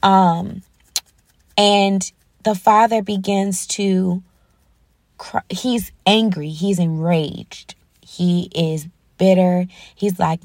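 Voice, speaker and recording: A woman's voice: mid-range voice, steady tone, extremely slow, a little mellow, no room sound, studio quality. A woman hosting an inspirational podcast, earnestly retelling a film scene and drawing lessons from it. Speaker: podcast host.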